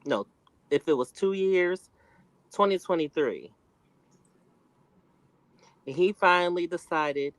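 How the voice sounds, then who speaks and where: Slow, emphatic male panelist. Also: high voice, fairly bright tone, no echo, rough recording. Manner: emphatic, acts out quotes. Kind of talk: casual opinionated commentary.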